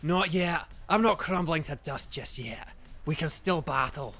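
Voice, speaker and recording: A man voicing a good-natured male rock gym leader from a game, read plainly and kept from sounding too old or gruff. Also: a little high, lively intonation, unhurried, fairly bright tone, faint music behind. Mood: sporting, upbeat.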